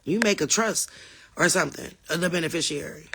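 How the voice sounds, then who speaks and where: Middle-aged woman host for a live chat Q&A: emphatic, forceful, bright tone, calls the audience y'all. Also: lowish voice, a little fast, creaky, husky. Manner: animated and emphatic, addresses the viewers as y'all. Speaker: livestream host answering viewer questions. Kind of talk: casual live Q&A reading chat comments.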